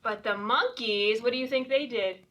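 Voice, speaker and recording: A woman's voice: fairly high pitch, normal speed, background noise. A woman reading a picture book aloud to children as a librarian, often asking them questions and inviting them to join in, heard from a little distance. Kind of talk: children's storytime read-aloud.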